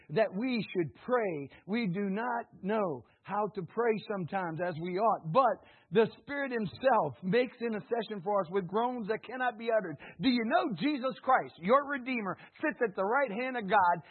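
Calling on his congregation to repeat his words, a preacher swings from shouting to low tones in a fervent sermon, his throat a bit hoarse. What comes through is thin, tinny audio.

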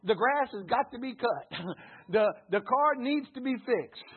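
A man's voice: very high-pitched, expressive, unhurried, breathy edge. A man preaching a sermon, exhorting his congregation in repeated phrases and calling on them to say words back. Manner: exhorting, repetitive. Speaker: pastor. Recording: tinny phone-like recording.

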